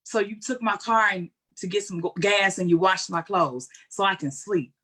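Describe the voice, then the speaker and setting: A woman's voice: medium pitch, moderate pace, breathy edge. A woman answering an interview question in a candid, colloquial, heartfelt way, telling stories as she goes. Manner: earnest, candid, colloquial, animated storytelling. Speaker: guest speaker.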